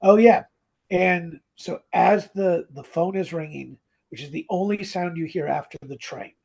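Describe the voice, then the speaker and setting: A man co-hosting a podcast in casual chat, retelling a plot in animated style and acting out quoted lines. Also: high voice, unhurried, gravelly, breathy edge. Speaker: podcast co-host.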